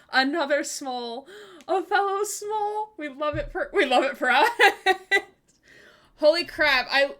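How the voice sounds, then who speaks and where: A woman's voice: sits high, pushed and bright. A young woman streaming a game live, chatting casually with lots of filler words and breaking into giggles and squeals. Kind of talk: casual live-stream chat while gaming.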